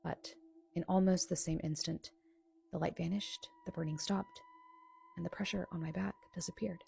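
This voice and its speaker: Woman telling a scary story, really gravelly, kinda dark mellow voice. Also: on the low side, fairly even intonation, normal speed, slight background noise. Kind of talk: scripted narration of a true scary experience.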